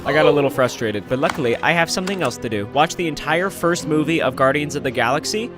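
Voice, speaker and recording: Upbeat male vlogger, a touch high-pitched, joking at his own expense, over clear music. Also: expressive, fast. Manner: upbeat, wry and self-mocking. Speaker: travel vlogger. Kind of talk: casual vlog narration. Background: background music.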